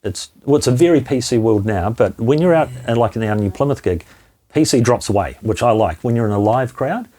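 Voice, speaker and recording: A man's voice: mid-range voice, lively intonation, brisk, mellow. A man in his fifties with a New Zealand accent, a comedian telling blunt stage stories as a guest in a casual chat. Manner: blunt storytelling with frank swearing.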